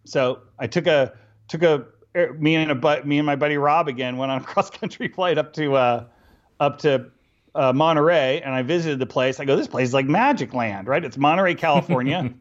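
A middle-aged man chats as an interview guest and tells his stories with energy. He acts out the people in them and laughs along the way. His voice sits a bit high for a man, and the recording sounds dull and lo-fi. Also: a little fast. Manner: animated, acts out dialogue with laughs. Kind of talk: casual storytelling.

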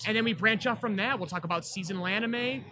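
A man's voice: high-pitched, quick pace, noisy background. A man co-hosting a podcast, talking in an enthusiastic, chatty way. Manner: enthusiastic, talkative. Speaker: podcast co-host. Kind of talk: casual chat.

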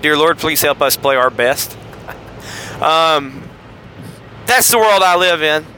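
A man's voice: fairly high pitch, expressive, takes it slowly, bright, forceful tone, a little hiss or hum. A man with a Southern US accent hosting a podcast, casually retelling Bible passages and acting out the quoted lines in voices. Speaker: podcast host.

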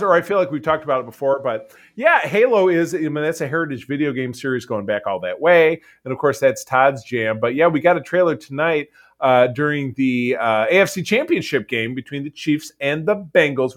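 A man's voice: on the high side, animated, fairly quick, few pauses. A man co-hosting a casual podcast chat, enthusiastic and rambling, often restarting his sentences. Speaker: podcast co-host.

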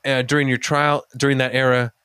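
A man's voice: medium pitch, little pitch movement, fairly quick, pushed and bright, smooth, dry recording, studio quality. A man co-hosting a casual talk podcast, telling a story in a chatty way, swearing freely and filling with "like". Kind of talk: casual chat.

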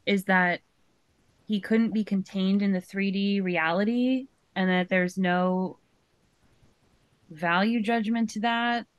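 A woman's voice: medium pitch, fairly even intonation, slow pace, long pauses, no room sound. A woman co-hosting a podcast, reacting to a documentary in casual chat and thinking aloud with many fillers. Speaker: podcast co-host.

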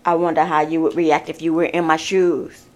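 A woman's voice: low voice, little pitch movement, normal speed, darkish tone. A woman giving a casual tarot reading, talking bluntly and with exasperation, swearing as she addresses the viewer directly. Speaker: tarot card reader.

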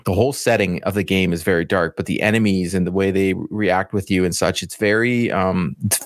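Low-voiced guy rambling about games, repeats himself a lot, dry close sound. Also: fairly even intonation, fairly quick, dry recording. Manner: rambling, repeats words while recommending games. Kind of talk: casual gaming chat.

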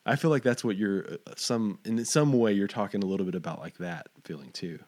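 A man's voice: lowish voice, brisk, darkish tone. A man from Fort Stockton hosting an interview, rambling and stumbling over his words. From Fort Stockton, Texas. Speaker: interviewer host. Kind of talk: casual interview.

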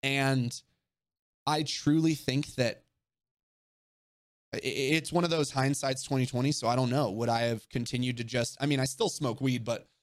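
Young dude streaming, answering questions all emotional and sincere, lots of dude and man, medium voice. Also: mid-range voice. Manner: emotional, earnest, swears casually, calls listeners dude and man. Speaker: livestream host answering viewer questions. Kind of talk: casual livestream chat.

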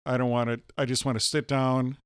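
Blunt man with a smooth voice. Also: medium pitch, little pitch movement, fairly quick, no room sound. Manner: blunt, matter-of-fact, dry wit. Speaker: podcast co-host. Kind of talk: casual movie podcast chat.

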